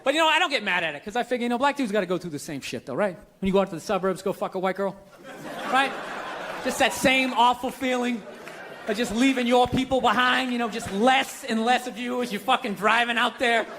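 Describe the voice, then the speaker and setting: A man's voice: extremely high pitch, a little fast. A man performing a stand-up routine, rambling and self-mocking with lots of "you know.". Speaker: stand-up comedian. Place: comedy stage. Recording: live club with loud crowd noise.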